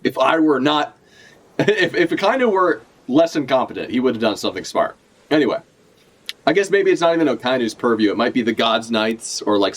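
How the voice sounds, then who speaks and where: A man giving casual live reaction commentary as a streamer, animated and profane, laughing often as he talks. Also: medium pitch. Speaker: streamer reacting to a manga chapter.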